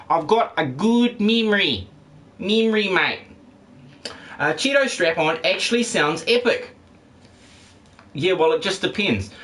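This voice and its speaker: A man's voice: on the high side, fairly bright tone. A man streaming a video game who chats casually with his viewers, rambling, joking, swearing and laughing often. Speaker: game streamer reading chat. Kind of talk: casual live-stream chat.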